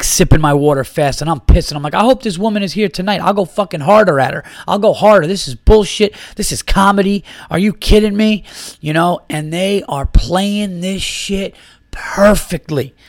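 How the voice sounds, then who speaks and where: A man hosting a podcast, animated as he retells a story, acting out the quotes and swearing freely. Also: medium pitch, dry recording, clean studio sound. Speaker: podcast host. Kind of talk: casual storytelling.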